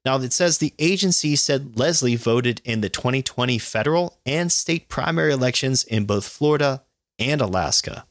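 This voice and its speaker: A man's voice: mid-range voice, lively intonation, moderate pace, a bit bright, no room sound. Man, podcast co-host, sarcastic, swears, laughs a lot, dead dry sound. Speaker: podcast co-host reading news. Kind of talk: casual news commentary.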